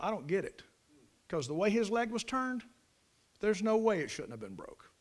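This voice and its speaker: A man preaching a sermon in a folksy storytelling way, swinging from loud emphasis to hushed near-whispers. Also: fairly high pitch.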